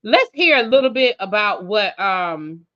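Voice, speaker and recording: A woman's voice: mid-range voice, expressive, measured pace, fairly bright tone, dull audio. A woman hosting a TV review channel, chatting casually and repeating herself for emphasis. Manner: chatty, emphatic repetition, Southern slang like y'all and baby. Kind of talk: casual recap commentary.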